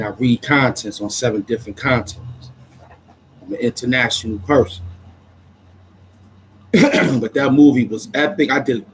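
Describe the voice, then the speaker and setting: An adult man from Brooklyn, chatting casually on a livestream in an excitable, rambling way full of street slang. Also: medium pitch, a little hiss or hum, low-quality recording. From Brooklyn, New York. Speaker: vlogger.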